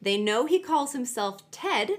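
Lively, chatty woman host. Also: a little high, unhurried. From Utah. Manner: chatty, jokey asides, drops into grave tone for facts. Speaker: podcast host telling the case. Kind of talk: casual true-crime podcast storytelling.

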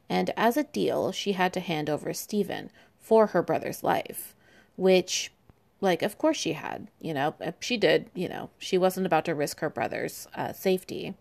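A woman's voice: lowish voice, vocal fry, darkish tone. A woman telling medieval history in an irreverent, sarcastic way, with profane asides. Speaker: history podcast host.

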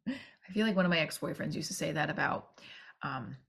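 A woman's voice: sits low, lively intonation, normal speed, creaky, fairly bright tone, slightly rough. A woman talks on her own podcast in a loose, conversational monologue. She jumps between thoughts, restarts her sentences and adds side remarks as she goes. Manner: chatty and rambling, with many restarts and asides. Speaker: podcast host and actor-comedian.

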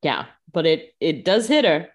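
Low-voiced woman making wry asides. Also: big pitch swings, a little slow. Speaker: podcast co-host. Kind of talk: casual chat.

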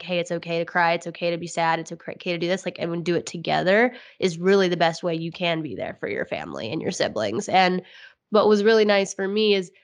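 A woman's voice: on the low side, smooth. A woman co-hosting a podcast in casual chat, earnest and often repeating her words. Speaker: podcast co-host.

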